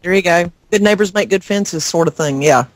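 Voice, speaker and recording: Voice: medium pitch, a little fast, no echo, low-quality recording. An actor rambling in casual podcast chat, laughing often and sounding exasperated.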